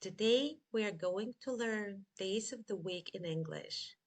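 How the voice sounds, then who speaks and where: A woman teaching a scripted beginner lesson, drilling words slowly and spelling them letter by letter. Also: mid-range voice. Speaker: English teacher.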